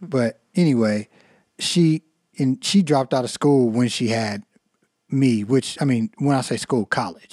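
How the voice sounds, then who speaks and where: A man in his thirties talks on a podcast in an easygoing, reflective way. His voice sits at a middle pitch, and the sound is close and dry. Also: darkish tone, no echo. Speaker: podcast co-host. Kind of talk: casual chat.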